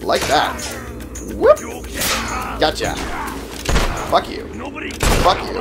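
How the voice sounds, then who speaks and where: A man's voice: mid-range voice, wildly swooping pitch, unhurried, creaky, pauses often. A man giving casual, profane commentary while playing a video game, sarcastic and exclaiming at enemies as he fights. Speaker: gaming channel host. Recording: game music behind voice.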